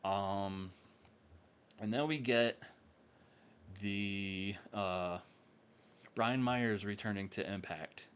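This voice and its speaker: Low-voiced man recapping with halting ums. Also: clear, resonant tone. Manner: halting, with frequent ums and uhs. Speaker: game let's-play narrator. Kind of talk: casual recap commentary.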